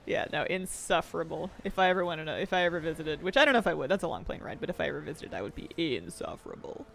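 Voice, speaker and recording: A woman's voice: deep voice, very fast, vocal fry, a bit bright, a little hiss or hum. A young Canadian woman streaming, chatting casually and giggling while she reads her chat aloud.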